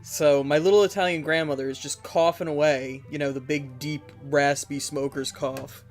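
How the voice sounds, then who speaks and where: A streamer chats casually with the live audience, telling a long, rambling story full of fillers and little laughs. The voice sits at a middle pitch, and faint game music plays underneath. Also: steady tone, normal speed. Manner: rambling and giggly, with many fillers.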